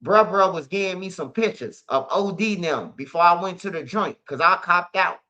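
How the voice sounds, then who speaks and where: Through dull lo-fi audio, the street news channel host's high-pitched voice comes across bright and forceful at normal speed. He's retelling a story casually, loose, slangy, profane and emphatic.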